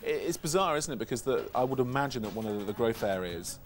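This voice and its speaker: A man's voice: mid-range voice, expressive, fairly quick, faint music behind. A man hosting a gossip news show, jokey and self-mocking as he banters with his guests. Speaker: host. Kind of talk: chatty showbiz news presenting.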